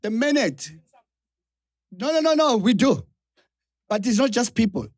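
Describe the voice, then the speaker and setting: A man's voice: very high-pitched, sing-song, unhurried, no room sound, clean studio sound. A South African man co-hosting a live podcast Q&A, explaining at length, mixing English and Zulu and repeating himself. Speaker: podcast co-host.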